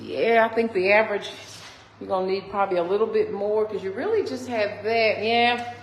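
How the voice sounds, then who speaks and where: A woman's voice: medium pitch, normal speed. A woman realtor giving a chatty walkthrough tour of a new home, exclaiming often and talking to viewers as y'all, filmed on a phone inside an empty house under construction. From Texas. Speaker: realtor touring a model home. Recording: echoey empty rooms with faint noise.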